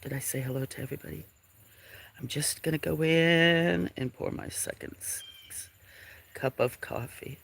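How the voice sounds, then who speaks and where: A man with a fairly high, steady, slightly creaky and bright voice hosts a casual farm livestream outdoors at a moderate pace, with birds in the background and a little hiss or hum. Sniffling a bit, he rambles in a friendly way, greeting chat viewers by reading their names aloud and sometimes dropping to a whisper.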